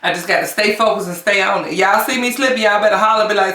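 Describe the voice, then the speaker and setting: A woman's voice: medium pitch, bright, forceful tone. Chatty woman eating on camera. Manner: chatty, talks between bites with drawn-out mms. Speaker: mukbang vlogger. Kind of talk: casual eating chat to camera. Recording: roomy sound from a distance.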